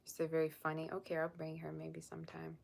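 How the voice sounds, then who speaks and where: Sassy low-voiced woman chatting live. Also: completely flat delivery, fast, gravelly. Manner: sassy, blunt, reads chat comments aloud. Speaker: tarot reader hosting a live stream. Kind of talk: casual live-stream chat.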